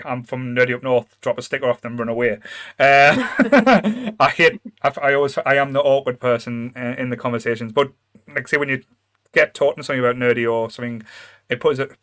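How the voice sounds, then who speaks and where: A man's voice: medium pitch, a bit bright. A man with a North East English accent hosting a podcast, chatting casually and rambling with many restarts. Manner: rambling, self-deprecating, full of restarts. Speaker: podcast host. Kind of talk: casual chat.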